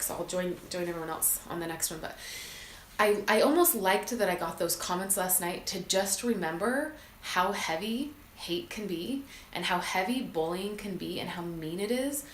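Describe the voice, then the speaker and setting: A woman's voice: lowish voice, echoey room, slight background noise, rough recording. A woman hosting her own show, giving an earnest, heartfelt motivational talk with frequent fillers. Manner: earnest, emotional, many fillers. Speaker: podcast host.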